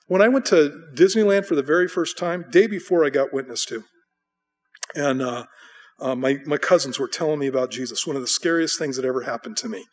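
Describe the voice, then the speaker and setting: Middle-aged American male pastor, sermon delivery, animated storyteller, slightly high voice. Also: brisk. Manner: animated storytelling, acting out voices with bleats and bursts of excitement.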